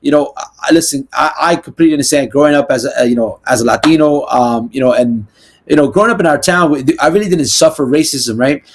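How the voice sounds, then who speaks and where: On a podcast, a young real estate agent from New Jersey, US, tells stories in a casual interview with a slightly raised pitch. He rambles animatedly in quick bursts, constantly adding asides such as "you know" and "right?"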